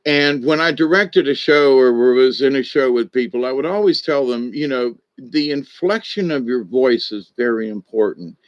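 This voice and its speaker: A man's voice: medium pitch, moderate pace, few pauses, no room sound. Older man rambling about cartoons, lo-fi. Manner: animated storyteller, trails off and restarts. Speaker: former stage director and puppeteer. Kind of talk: rambling casual monologue. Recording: dull, dry lo-fi audio.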